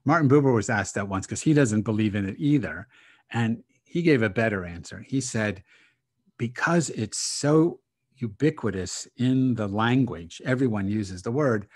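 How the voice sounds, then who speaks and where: A rabbi speaking as a guest on a video call, reflective and hesitant, laughing often between thoughts. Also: male voice, fairly low pitch, husky. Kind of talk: casual spiritual talk over video call.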